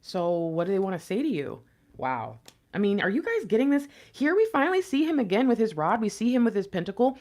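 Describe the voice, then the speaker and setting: A woman giving a tarot reading to camera, talking to viewers directly in an excitable, conversational way. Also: mid-range voice, a little fast. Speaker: tarot reader.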